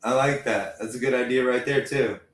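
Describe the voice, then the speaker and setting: A man's voice: mid-range voice, brisk, echoey room, a little hiss or hum. A man from Texas in his thirties, rambling and swearing through a casual chat as a podcast host. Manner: rambling, profane, repeats himself.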